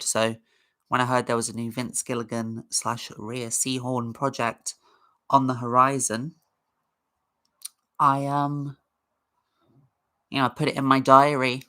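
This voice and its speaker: Bright-voiced chatty woman streamer. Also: a bass voice. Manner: chatty, rambling, greets chat viewers. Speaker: livestream host. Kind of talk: casual livestream chat.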